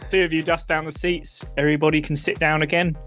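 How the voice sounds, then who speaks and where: A man's voice: fairly high pitch, level tone, quick pace, a bit bright, faint music behind. A man running a tabletop game as game master, amused and easygoing.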